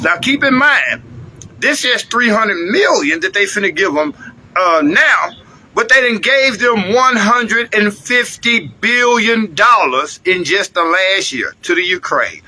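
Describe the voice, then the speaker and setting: A man's voice: sits high, bright, forceful tone, a little hiss or hum. An American man ranting heatedly in a livestream commentary, swearing and talking straight to his viewers. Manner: heated, profane, addresses viewers directly. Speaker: political commentator.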